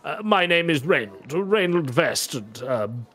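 A man's voice: on the high side, big pitch swings, a little slow, a crowd in the background. A man voicing a flustered older male servant of a noble house, who stammers and fusses as he speaks. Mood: fretful. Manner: stammering, fretful, profusely grateful.

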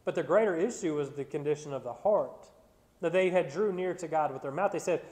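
Man preaching a Bible study, pitched high, earnest and emphatic, in a big echoing sanctuary. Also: darkish tone. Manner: reads scripture slowly, then preaches with rising emphasis; repeats words when restarting. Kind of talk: sermon. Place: church sanctuary. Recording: church sanctuary with long reverb.

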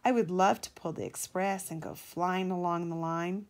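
A woman's voice: on the low side, fairly even intonation, moderate pace, lightly acted. A mother doing an eager young red engine. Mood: wistful. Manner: bright, keen. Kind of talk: children's storybook read-aloud.

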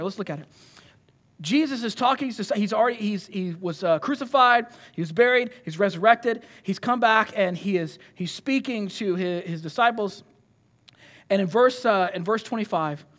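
Speaking fast in a high-pitched voice, a preacher delivers a lively, conversational sermon and often breaks off to restart his sentences.

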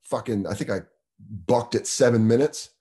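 A man, a comedian guest on a podcast, chatting casually and telling stories with quick put-on voices. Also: medium pitch. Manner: loose, animated storytelling with quick voices.

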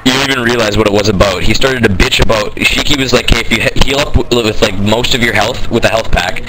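A man's voice: on the low side, quick pace, low-quality recording. A man ranting angrily over gaming voice chat, swearing constantly. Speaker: gamer in voice chat.

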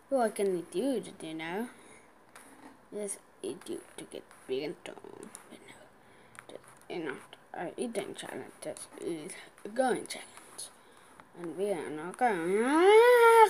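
A woman giving casual gameplay commentary, excitable, gasping and squealing at the game, with playful sing-song chanting. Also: mid-range voice, a little hiss or hum.

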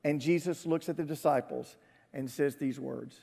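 A man's voice: on the high side, moderate pace, gravelly, mellow, husky. A man preaching a sermon as pastor, talking with his congregation in a conversational way and asking them questions. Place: church sanctuary. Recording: church livestream with long hall reverb.

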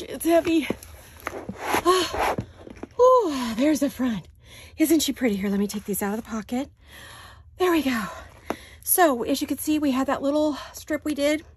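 A woman's voice: fairly high pitch, slight background noise. A woman hosting a casual crafting chat from her home studio, chatty and gushing about her projects. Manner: chatty and gushing, with sighs and little laughs. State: out of breath. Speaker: crafting channel host.

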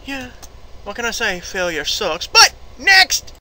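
A gaming commentator talking casually through retro games, excitable, yelping, laughing and cursing mildly at each mistake. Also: medium pitch, slow pace, slight background noise. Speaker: gameplay commentator. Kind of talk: casual let's-play commentary. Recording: game music playing behind.

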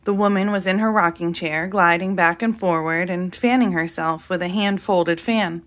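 A woman reading a children's picture book aloud in an expressive narrating voice. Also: fairly low pitch, moderate pace. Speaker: storybook reader.

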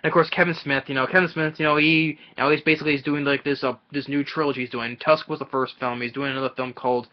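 A man's voice: a little high, level tone. Guy rambling through a movie review, keeps stopping and restarting, muffled lo-fi sound. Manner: rambling, halting, many restarts. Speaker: film reviewer. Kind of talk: casual spoken film review. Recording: dull lo-fi audio.

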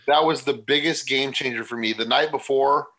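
Bright-voiced blunt bodybuilder guest. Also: male voice, mid-range voice, moderate pace, rough recording. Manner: blunt, swears casually, many restarts. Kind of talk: casual podcast chat.

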